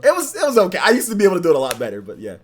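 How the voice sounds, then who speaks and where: Man, deep voice, laid-back rambling streamer chat, slangy, lively pitch. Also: racing. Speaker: gaming livestream host. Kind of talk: casual livestream chat.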